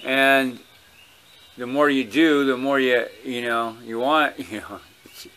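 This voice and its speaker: Hawaiian man, home vlog monologue, unhurried and bright-toned, blunt and swearing freely. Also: medium pitch, steady tone, smooth. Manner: rambling, blunt and profane. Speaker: vlogger. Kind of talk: casual rambling monologue. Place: at home with his dogs.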